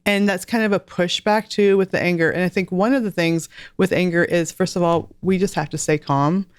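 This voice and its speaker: Earnest low-voiced woman, crisp and dry. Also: steady tone, fairly quick, dry recording. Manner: chatty, earnest, with light laughs. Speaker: guest author and homeschool mom. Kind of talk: casual podcast interview.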